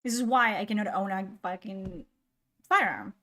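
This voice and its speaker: A woman's voice: mid-range voice, lively intonation, normal speed, sharp tone. A woman live streamer in casual chat, exasperated and swearing often.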